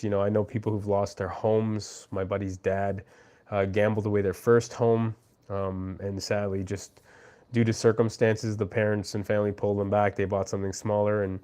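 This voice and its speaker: A man hosting a casual live stream, answering his chat in a rambling, friendly way with plenty of fillers and restarts. His voice sits a little low and has a warm, mellow tone.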